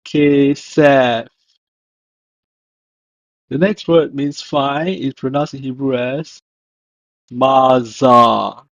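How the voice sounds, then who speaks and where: Narrating a slow scripted language lesson, this man speaks in a somewhat high, slightly mellow voice, pronouncing every word and then repeating it with emphasis. He is a language teacher, captured in a dull, lo-fi voice-over without echo.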